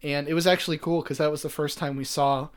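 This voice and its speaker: A man co-hosting a podcast, recapping a TV episode in loose casual chat, rambling with lots of fillers and animated asides. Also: on the high side, fast, clean tone. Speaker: podcast co-host.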